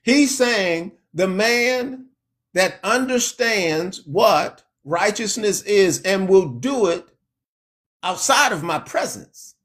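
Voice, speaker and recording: A man preaching a sermon in a slow, emphatic way, lifting his voice when he quotes scripture. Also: sits high, expressive, a bit bright.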